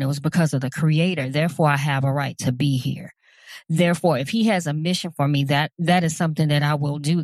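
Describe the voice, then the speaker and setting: A woman with a fairly low voice delivers an impassioned personal address. She speaks earnestly and with emphasis, repeating key phrases to drive her point home. The recording is dry and close, with no room echo. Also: darkish tone.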